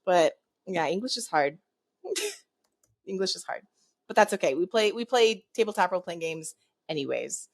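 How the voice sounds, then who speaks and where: A woman's voice: lowish voice, big pitch swings, moderate pace, long pauses. A woman from the southern United States chatting casually as a podcast co-host, talkative and full of "like" fillers, laughing often. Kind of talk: casual chat.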